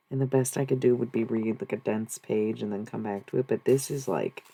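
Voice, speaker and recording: A streamer talking to chat in a loose, rambling way, with swearing thrown in. The voice sits at a middle pitch with a gravelly, fried edge. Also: noisy background. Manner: rambling, profane, talks back to chat. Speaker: live streamer. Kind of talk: casual live-stream chat.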